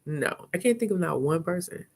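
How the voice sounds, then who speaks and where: Frank, animated woman telling stories. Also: lowish voice, moderate pace, gravelly, husky. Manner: animated, acts out her own quoted reactions; frank and salty, with slangy talk. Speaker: vlogger hosting a live chat. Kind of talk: casual live-stream storytelling.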